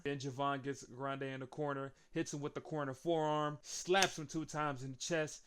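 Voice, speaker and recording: A young man recapping a wrestling show in casual chat, chuckling often and getting more excited as the action builds. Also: mid-range voice, smooth.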